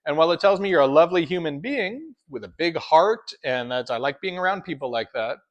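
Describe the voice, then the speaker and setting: A man's voice: a little high, lively intonation, brisk, highs cut off. A man who trains dogs, explaining his methods in an instructional talk and often checking in with "right?". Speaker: dog trainer.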